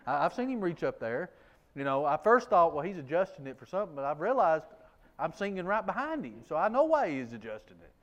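A man's voice: on the high side, big pitch swings, fast, highs cut off. A man teaching a conversational Bible lesson, folksy and self-deprecating, often restarting his sentences.

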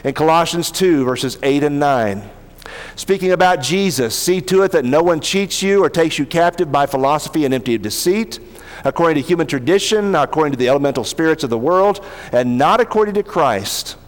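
A male pastor preaching a sermon, reading scripture aloud and slowing down to stress key words. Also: a little high, expressive, long reverb tail.

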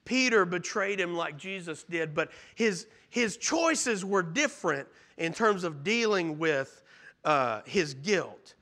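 A man preaching a sermon, earnestly retelling scripture and swinging from loud emphasis to hushed near-whispers. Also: high voice, expressive, takes it slowly. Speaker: pastor.

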